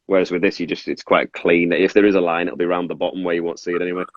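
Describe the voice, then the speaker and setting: A man with a lowish voice explains his craft in a relaxed interview, wandering through fillers and restarts. The sound is dull and lo-fi, close and dry with no room around it. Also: racing, no echo. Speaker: resin artist guest. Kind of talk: casual interview chat.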